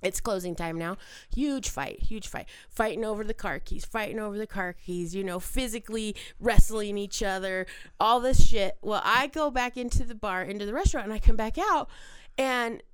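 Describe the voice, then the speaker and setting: A woman hosting a podcast, telling a story in casual chat, animated and profane, laughing often. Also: mid-range voice, moderate pace, smooth, dry recording. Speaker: podcast host.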